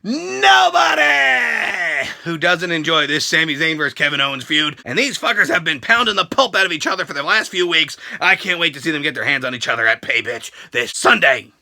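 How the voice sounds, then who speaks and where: A man ranting through a wrestling show review, crude and mocking, breaking into shouts and laughter. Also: fairly high pitch, big pitch swings, fairly quick, vocal fry. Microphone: handheld camera.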